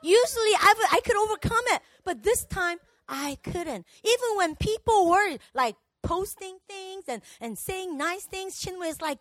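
A woman's voice: very high voice, animated, normal speed, few pauses, a bit bright, no echo. A woman church leader giving a personal testimony sermon, telling her story emotionally and animatedly, with lots of "like".

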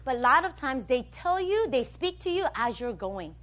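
A woman preaching a sermon, animated, swinging between loud bursts and soft, low stretches, and acting out the voices of other people as she teaches. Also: normal speed. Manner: plays out voices of a nagging map and a complaining listener.

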